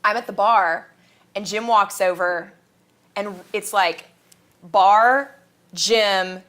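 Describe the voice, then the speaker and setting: A woman's voice: mid-range voice, takes it slowly, fairly bright tone. A woman from Kansas, a guest in a casual interview, telling stories animatedly, acting out quotes and laughing often.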